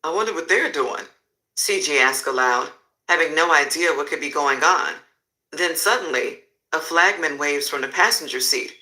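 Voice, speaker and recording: A man narrates a crime tale live with vivid, descriptive flair. His voice is slightly high and very bright, almost piercing. He paints each scene in full detail. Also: moderate pace, low-quality recording. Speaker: storyteller.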